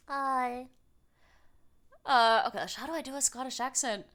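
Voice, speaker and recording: A woman streamer chatting casually with her viewers, excitable and self-deprecating, with frequent exclamations and laughter. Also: a little high, measured pace, clean tone. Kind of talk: casual live-stream chat.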